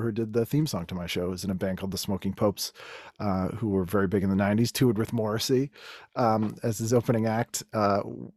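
A man's voice: fairly low pitch, a little mellow, no echo. Rambling Boston man in his forties. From Boston area. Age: 40s. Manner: rambling, many fillers, laughs between phrases. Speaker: podcast guest, comedian. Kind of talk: casual chat.

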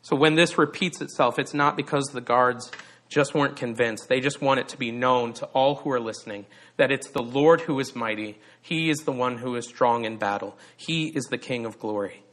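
A man's voice: mid-range voice, normal speed, a bit bright. A man preaching a sermon as pastor, speaking earnestly and with emphasis, asking rhetorical questions.

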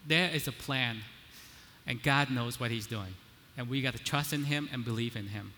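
A man's voice: medium pitch, sharp tone. A man preaching a sermon in a conversational way, often checking in with the listeners and building up to emphatic declarations. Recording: long hall reverb.

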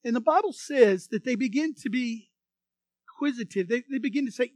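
Male pastor, very high voice, animated sermon, dry close sound. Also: brisk, no room sound. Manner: animated, acts out voices from the story and leads the congregation in repeating phrases.

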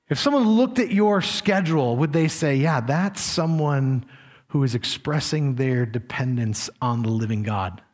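A man preaching a sermon as a pastor, earnest, dropping low and soft for warnings. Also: husky.

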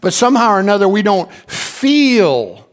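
A man's voice: sits high, sing-song, moderate pace. A male pastor delivering a sermon as a conversational story, often calling on the congregation to respond.

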